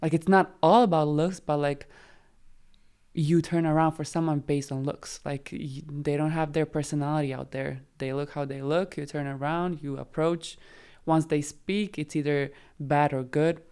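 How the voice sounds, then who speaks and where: Woman on a podcast talking dating, deep smooth voice, says like a lot. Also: steady tone, normal speed, warm tone. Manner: frank and emphatic, lots of "like". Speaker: podcast guest. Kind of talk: casual podcast chat.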